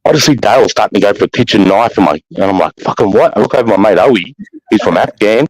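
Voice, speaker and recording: A man with an Australian accent telling a long anecdote in casual chat, profane and animated, with many restarts. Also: lowish voice, racing, no echo, poor audio. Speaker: podcast storyteller.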